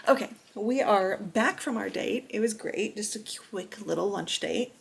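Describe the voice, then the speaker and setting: A woman's voice: medium pitch, measured pace, creaky, husky. A woman in her thirties talking casually in a reading vlog, chatty and gushing, with laughs and sighs. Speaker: book vlogger.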